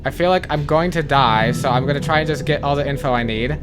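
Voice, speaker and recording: Jumpy man narrating a game, fairly high voice. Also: fast. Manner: jumpy, swears, repeats panicked phrases over and over. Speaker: gaming channel host. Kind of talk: blind playthrough commentary.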